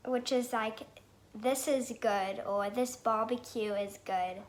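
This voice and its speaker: A woman's voice: fairly high pitch, fairly even intonation, takes it slowly, low-quality recording. A woman chiming in on a casual vlog, adding examples with a giggle. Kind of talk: casual chat.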